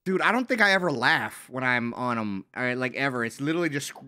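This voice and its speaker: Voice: mid-range voice, expressive, fast, sharp tone. A co-host reacting to funny clips, giving short laid-back replies and laughing often. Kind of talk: casual reaction chat.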